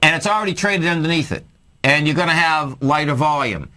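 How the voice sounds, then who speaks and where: Upbeat male co-host, bright and higher pitched, casual and chummy. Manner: upbeat, chummy, quick chatter. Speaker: co-host of a market show. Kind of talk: casual chart talk taking calls.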